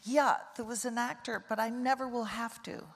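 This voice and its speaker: A woman's voice: fairly high pitch, steady tone, normal speed, vocal fry, big-room sound, a little hiss or hum. An older woman, a guest actress, telling candid, wry anecdotes in a casual interview.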